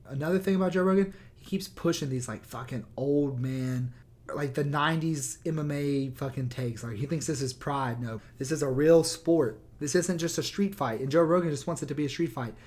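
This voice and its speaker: A man's voice: a little high, normal speed, darkish tone. A young man on his own microphone, ranting in a heated, sarcastic way with lots of swearing. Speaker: YouTuber. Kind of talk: profane rant. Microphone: new microphone.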